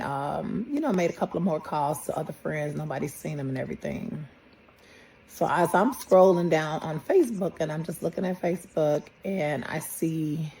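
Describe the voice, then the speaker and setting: A middle-aged woman, a mother slowly retelling a personal story and quoting the people involved. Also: low-pitched, a little mellow, a little hiss or hum, poor audio. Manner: plain, halting retelling with quoted dialogue. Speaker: grieving mother.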